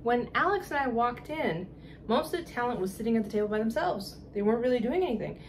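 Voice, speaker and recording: A woman vlogger telling a casual, animated story in exasperated tones, often laughing and acting out the dialogue. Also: on the high side, fast talker, slight background noise.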